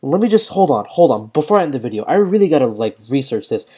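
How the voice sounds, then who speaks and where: A man's voice: medium pitch, sing-song, fast talker, dark tone, husky. A young man giving live commentary while playing a mobile fighting game, talking in slang and often exclaiming in frustration.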